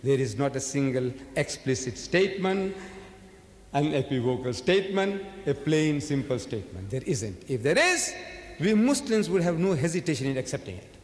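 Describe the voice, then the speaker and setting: A man's voice: on the high side, big pitch swings, normal speed. Emphatic man lecturing in an echoey hall. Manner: emphatic, rhetorical, swings between loud and soft. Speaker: religious lecturer. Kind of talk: public lecture.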